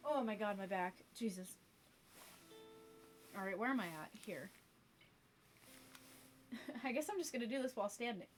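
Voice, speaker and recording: A woman's voice: mid-range voice, expressive, moderate pace, pauses often, soft background music. A young woman streaming from her room at home, chatting casually with viewers and her cat and laughing often. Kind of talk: casual live-stream chat.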